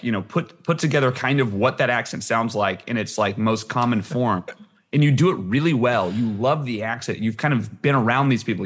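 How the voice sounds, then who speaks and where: A man hosting a podcast, talking in an animated, rambling way and laughing often. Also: mid-range voice, husky. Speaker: podcast host. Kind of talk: casual chat.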